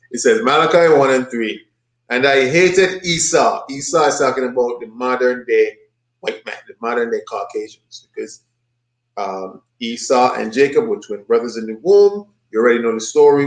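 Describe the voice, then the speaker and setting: A man teaching a bible study, commenting on a played video in an emphatic, mocking preaching manner that repeats points with rising pitch. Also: reverberant, poor audio.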